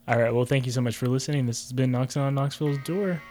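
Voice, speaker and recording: A man's voice: mid-range voice, a little fast, dark tone, faint music behind. A young man, co-hosting a podcast in rambling, chatty talk full of "I was like". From East Tennessee. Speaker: podcast co-host. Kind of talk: casual chat.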